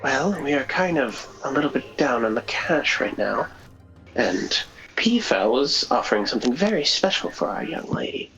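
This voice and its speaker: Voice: medium pitch, very animated, moderate pace, vocal fry, a bit bright, faint music behind, poor audio. A game master voicing a cold, scheming wife who speaks in a cool, dismissive way.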